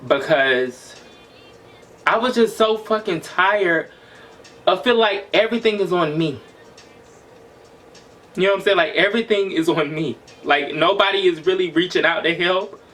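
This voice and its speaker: A man's voice: high-pitched, measured pace, pauses often, a bit bright. A man in his twenties venting in a raw, emotional, profane personal monologue for his vlog. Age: 20s. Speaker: vlogger.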